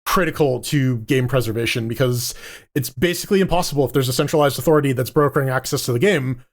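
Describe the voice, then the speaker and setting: A man co-hosts a casual gaming podcast, rambling through gaming news with frequent restarts and casual swearing. He has a medium-pitched voice and talks fast.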